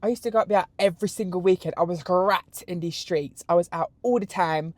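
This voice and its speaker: Crude, animated British man. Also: high-pitched, fast, dry recording. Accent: British English. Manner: animated, crude, camp storytelling. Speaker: podcast host. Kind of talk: solo podcast answering questions.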